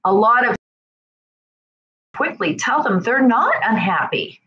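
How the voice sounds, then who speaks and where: A woman gives a conversational self-help talk with a lively, swooping pitch. She speaks straight to her listeners and keeps checking in with them. Her delivery is animated. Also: slow pace, pauses often, lo-fi sound, a little hiss or hum. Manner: animated, acts out quoted voices; talks straight to the listener with frequent "right?".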